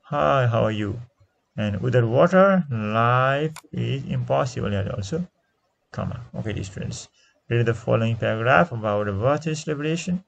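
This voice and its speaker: Gravelly man with a Nepali accent teaching. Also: mid-range voice, expressive, muffled recording. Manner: repeats each answer slowly, switching into Nepali to explain. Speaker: English teacher. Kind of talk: classroom lesson explanation.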